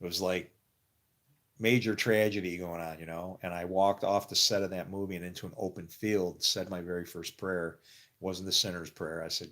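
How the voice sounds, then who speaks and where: A middle-aged man with a low voice tells a personal story in loose, rambling fashion. He laughs often, trails off and restarts, and acts out other people's lines in sudden higher voices. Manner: rambling, animated, quick to laugh and quote people. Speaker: actor telling his faith story. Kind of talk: casual storytelling.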